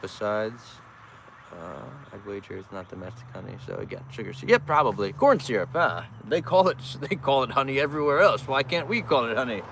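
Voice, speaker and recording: A man's voice: mid-range voice, lively intonation, fairly quick, creaky. Joking man livestreaming by a road. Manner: joking, laughing, greets passing traffic. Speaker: farm livestreamer. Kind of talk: casual livestream chat. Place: outdoors by a road with traffic. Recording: outdoor street noise, passing cars.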